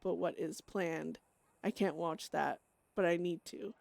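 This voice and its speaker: A woman's voice: on the low side, fairly even intonation, vocal fry, no room sound. Woman voicing a haunted, drug-craving outlaw woman. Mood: torn. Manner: quiet, halting inner monologue. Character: troubled woman outlaw, hearing voices, craving drugs.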